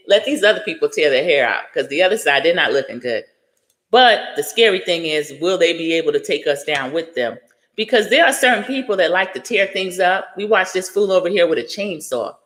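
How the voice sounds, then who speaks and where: A woman's voice: lowish voice, big-room sound. A middle-aged woman hosting a casual livestream, chatting and greeting viewers by name. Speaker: livestream host.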